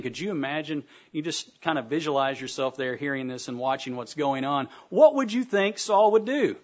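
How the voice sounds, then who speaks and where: A man's voice: on the high side, lively intonation, moderate pace, few pauses, a little mellow, lo-fi sound. A man preaching a sermon, reading Bible verses aloud and breaking off to talk directly to his listeners. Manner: reads verses aloud with emphatic asides to the congregation.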